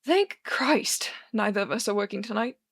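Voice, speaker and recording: A woman voicing an animated, playful young man who talks in a sing-song, mock-haughty way in a read-aloud fan story. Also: mid-range voice, moderate pace, gravelly. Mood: whiny.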